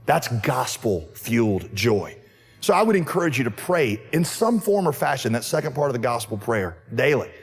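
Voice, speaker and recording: A man preaching a sermon, telling a story with lively acted-out dialogue that sometimes rises to near shouting. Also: mid-range voice, normal speed, big-room sound, soft background music. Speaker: pastor.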